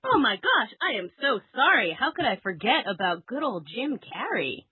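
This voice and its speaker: A young woman chatting as a podcast co-host, giggly and full of filler words. Her pitch swings widely as she talks. The sound is dry and thin, like a phone line. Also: very animated, normal speed, slightly rough, dry recording. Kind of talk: casual chat.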